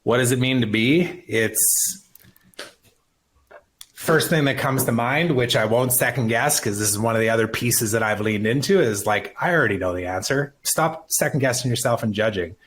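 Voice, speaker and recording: A man's voice: medium pitch, normal speed, a bit bright. A man in his thirties, a podcast guest, talking earnestly and emphatically about his life, swearing casually. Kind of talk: emotional personal conversation.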